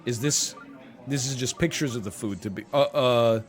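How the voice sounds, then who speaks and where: A man's voice: medium pitch, normal speed. A young man streaming, reacting to online posts in casual, mocking commentary and slipping into sarcastic quoted voices. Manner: animated, mocking, swings into sarcastic put-on quotes.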